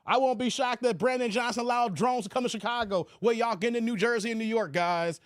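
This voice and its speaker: A man's voice: very high-pitched, fast, no echo, clean studio sound. A man hosting a live stream, talking casually, reading chat aloud and swearing freely. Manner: animated, swears, slangy. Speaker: live-stream commentary host. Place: New York area.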